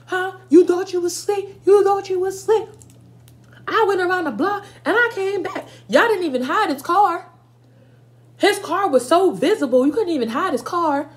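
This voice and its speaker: Furious cursing mother, high and sharp, as a woman puts her on, scolding at full volume. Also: lively intonation, brisk. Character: furious strict mother, middle-aged woman.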